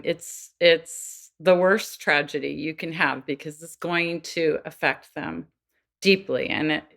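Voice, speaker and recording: A woman's voice: sits low, creaky, a bit bright. A woman guest on a podcast interview, explaining earnestly and acting out quoted voices now and then. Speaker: guest expert on child development.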